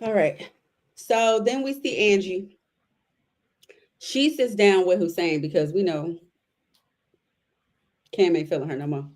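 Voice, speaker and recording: A woman's voice: lowish voice, measured pace, long pauses. Laid-back woman recapping scenes. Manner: relaxed storytelling with fillers, retells scenes. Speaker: podcast co-host. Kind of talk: casual recap chat.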